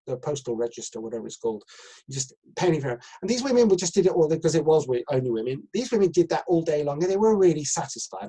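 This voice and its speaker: A man's voice: fairly high pitch, mellow, slightly rough, poor audio. A middle-aged man, an acting coach talking on a video call, rambling with many fillers and restarts. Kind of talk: live video chat coaching session.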